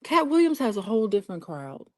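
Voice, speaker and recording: A woman's voice: mid-range voice, big pitch swings, quick pace, a little mellow, dry recording, clean studio sound. A woman from Alabama co-hosting, giving frank, opinionated casual commentary. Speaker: co-host.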